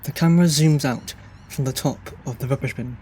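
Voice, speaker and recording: A man's voice: medium pitch, a little fast, warm tone, a little hiss or hum. Matter-of-fact man reading scene directions. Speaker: narrator reading a screenplay. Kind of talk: scripted narration of scene directions.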